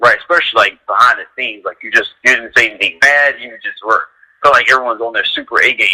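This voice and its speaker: A man guesting on a radio talk show, telling lively stories about his work as a dog trainer and peppering them with "like". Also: fast, husky, low-quality recording. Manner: animated storyteller, heavy use of "like", acts out quotes in a higher voice. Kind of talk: casual radio chat, storytelling.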